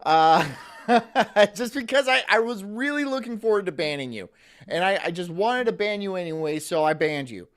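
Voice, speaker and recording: A male streamer hosting a live stream, reading chat, mocking and laughing between loud rants and muttered asides. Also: high voice, animated, normal speed. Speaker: streamer host.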